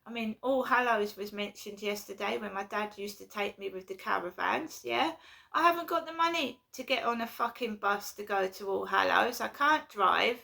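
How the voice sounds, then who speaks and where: A woman's voice: mid-range voice, moderate pace, vocal fry, bright, forceful tone. A woman, ranting and swearing in a home vlog, repeating herself as she gets worked up. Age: 50s. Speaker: vlogger. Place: at home indoors.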